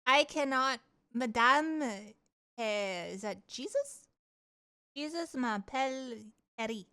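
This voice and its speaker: A woman's voice: high voice, expressive, slow pace, bright, forceful tone, clean tone. A young woman streamer chatting casually with her live chat, playful and giggly, trying out words with a mock French accent.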